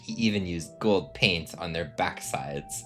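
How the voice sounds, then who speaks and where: A man's voice: deep voice, measured pace, pushed and bright, faint music behind. A man voicing a gushing, effusive guest at a castle dinner in a game.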